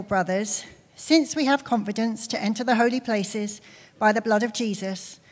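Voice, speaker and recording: Woman reading scripture in an echoing church. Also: on the high side. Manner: measured, careful reading. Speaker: scripture reader. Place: church sanctuary. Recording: long reverb of a church hall.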